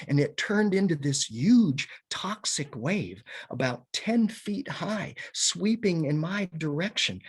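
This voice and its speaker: A man telling a comic tall tale to an audience, animated and chuckling at his own jokes. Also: a little high, breathy edge. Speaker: storyteller. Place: home, virtual session.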